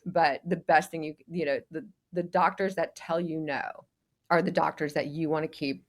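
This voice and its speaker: A woman in her forties, a guest on a skincare interview show, telling animated stories full of "like". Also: deep voice, normal speed. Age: 40s. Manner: animated storyteller, heavy use of "like". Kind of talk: casual interview chat.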